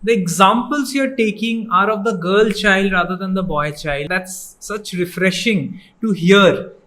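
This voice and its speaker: A man's voice: high voice, unhurried, pushed and bright. A man hosting a podcast who asks his guest curious, appreciative questions in an interview.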